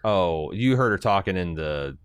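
A man's voice: low-pitched, animated, moderate pace, smooth. A man co-hosting a podcast, talking in a laid-back, hesitant way with many fillers. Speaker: podcast co-host. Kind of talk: casual chat.

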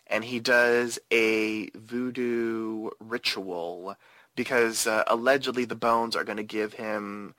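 A man's voice: medium pitch, sharp tone, dry recording. A man hosting a casual podcast about a movie, who recaps the plot loosely, with hesitations and frequent laughter. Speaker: podcast host. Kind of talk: casual movie-discussion chat.

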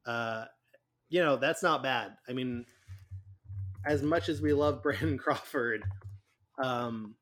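Male co-host, mid-pitched, halting casual sports talk. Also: a bit bright. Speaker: podcast co-host.

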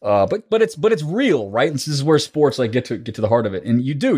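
A man's voice: medium pitch, very animated, fast, a little mellow, husky. A man hosting a political podcast, talking in an impassioned, rambling way and swearing often. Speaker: podcast host. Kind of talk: casual political chat.

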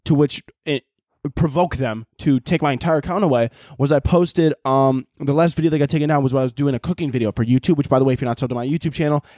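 A man's voice: mid-range voice, fast, dark tone, no echo, studio quality. A man hosting his own podcast, rambling and joking with lots of swearing. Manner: rambling, profane, jokey, self-interrupting. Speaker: podcast host. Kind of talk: casual solo podcast chat.

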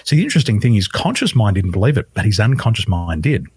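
A man, a life coach guest on a podcast interview, telling stories with lively emphasis and acting out the people he quotes. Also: fairly low pitch, quick pace, breathy edge, no room sound. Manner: animated storyteller acting out quoted voices.

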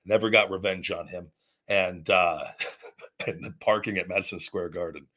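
A man's voice: sits low, steady tone, moderate pace, sharp tone. A man hosting a call-in show, telling stories bluntly and swearing freely. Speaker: podcast host taking callers. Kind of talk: casual profane storytelling.

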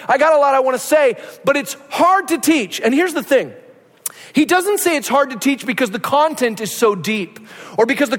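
High-voiced pastor preaching in a reverberant hall. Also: male voice, fairly bright tone. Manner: conversational storytelling, asks rhetorical "right?". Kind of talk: sermon.

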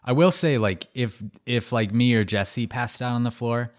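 A man co-hosts a podcast and tells a story casually and animatedly, using "like" as filler over and over. His mid-range voice moves at a moderate pace.

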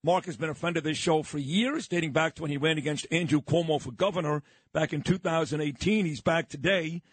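A man hosting a talk radio show, his voice husky and pitched a bit high. He speaks bluntly and combatively, with a fired-up edge. The studio sound is close and dry. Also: brisk, no echo. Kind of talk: talk radio monologue and interview. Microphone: studio microphone.

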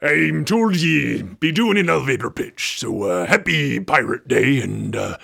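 A man voicing a gruff old male pirate captain, an old sea dog who drawls his lines with hesitant fillers. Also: mid-range voice, very animated, unhurried, a bit bright, heavily acted. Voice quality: gravelly, raspy. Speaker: podcast host.

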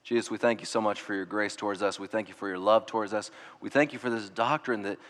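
A man preaching a sermon in an earnest way, dropping to hushed tones and rising to emphatic ones. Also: lowish voice, fairly even intonation, quick pace, in a large hall. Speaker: pastor.

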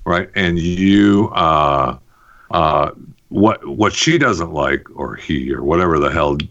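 A man in his forties, co-hosting a casual chat and rambling with animated asides. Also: rumbling low, slow pace. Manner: rambling, animated, breaks into mock voices. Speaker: podcast co-host. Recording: dull lo-fi sound.

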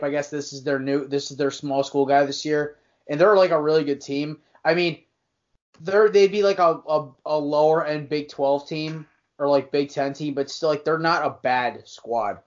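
A man's voice: fairly high pitch, fairly even intonation, normal speed. A man co-hosting a casual sports podcast, rambling and teasing, often correcting himself mid-sentence. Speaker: podcast co-host. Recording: dull lo-fi podcast audio.

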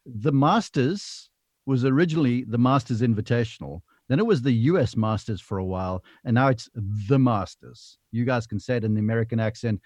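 A man's voice: mid-range voice, brisk, a little mellow, no room sound. A man who is a golf analyst talking emphatically and with animation in a casual podcast panel chat.

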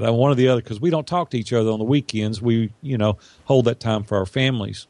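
Middle-aged male guest, earnest storyteller, gravelly tone, dry close sound. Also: mid-range voice, quick pace, hardly any pauses, no room sound. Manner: earnest, animated storyteller who acts out quotes. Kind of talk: storytelling in an interview.

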